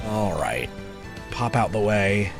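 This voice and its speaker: A man's voice: fairly low pitch, big pitch swings, slow, creaky, over music. A man streaming a game and chatting casually, rambling and joking with lots of restarts and some swearing. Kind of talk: casual live-stream chat while playing and voicing a game.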